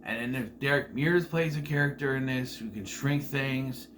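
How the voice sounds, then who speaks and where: A man's voice: mid-range voice, normal speed, fairly bright tone, slight background noise. Rambling man giving a casual TV review. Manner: rambling, with frequent fillers and self-corrections.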